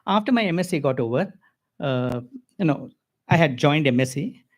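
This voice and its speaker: An older man with an Indian accent, giving a devotional talk full of personal stories, lively with chuckles and asides. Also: on the high side, moderate pace. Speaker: spiritual speaker.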